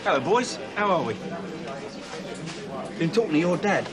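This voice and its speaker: A jokey middle-aged pub regular. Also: male voice, sits high, sing-song, normal speed. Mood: chummy. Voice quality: jokey, needling banter. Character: chummy middle-aged man cracking crude jokes. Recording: loud bar music and crowd.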